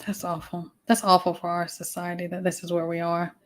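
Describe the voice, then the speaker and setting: A woman with a Southern US accent hosts a casual livestream chat. Her fairly low voice is brisk with a completely flat delivery, and she rambles with fillers and restarts.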